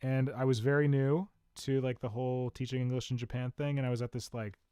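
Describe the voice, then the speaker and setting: A man's voice: medium pitch, flat delivery, fairly quick, mellow, smooth, dry recording, clean studio sound. A man hosting a podcast in casual chat, telling stories about himself with a chatty, self-mocking manner. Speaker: podcast host.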